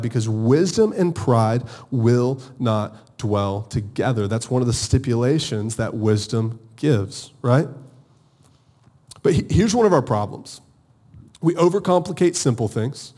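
A married man preaching a sermon with energy, calling on his congregation to answer back. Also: mid-range voice. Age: adult, married. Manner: energetic, calls for audience responses. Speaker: pastor.

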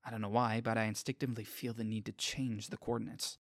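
A man's voice: on the low side, level tone, fast talker, no echo. Male narrator, earnest self-conscious inner voice, dry booth sound. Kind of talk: scripted first-person narration.

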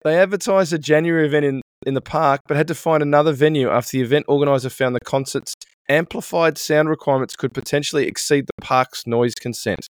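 A man's voice: a little high, quick pace, hardly any pauses, no room sound. A middle-aged man co-hosting a podcast in casual chat, swearing a lot as he rants. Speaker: podcast co-host.

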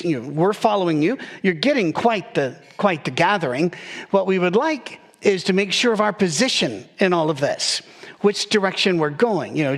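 Male pastor, fairly high voice, casual storytelling sermon delivery with humorous asides. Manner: conversational, joking, with quick asides.

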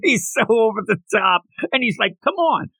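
A man's voice: high-pitched, normal speed, gravelly, slightly rough, no echo. A man hosting a casual manga review podcast, retelling scenes with energy and acting out the characters' lines. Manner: animated, acts out characters while retelling. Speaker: podcast host.

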